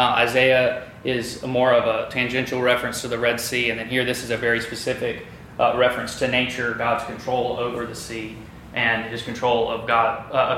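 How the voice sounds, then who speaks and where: A man's voice: medium pitch, a bit bright. A man teaching a Bible study lesson, talking it through thoughtfully with many ums and restarts. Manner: thoughtful, with frequent fillers and restarts. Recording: echoey room with light noise.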